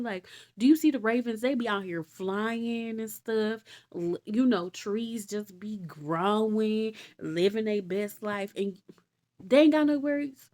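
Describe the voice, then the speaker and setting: Woman vlogger, casual storyteller, slangy and animated, often exasperated. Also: fairly high pitch, a little slow. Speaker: vlogger retelling Bible stories.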